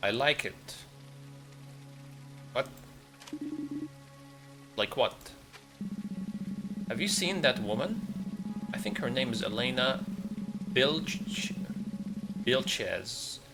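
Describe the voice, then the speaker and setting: A man's voice: mid-range voice, lively intonation, extremely slow, long pauses, music in the background. A man reading game dialogue aloud, voicing a shifty middle-aged man who is smug and pushy.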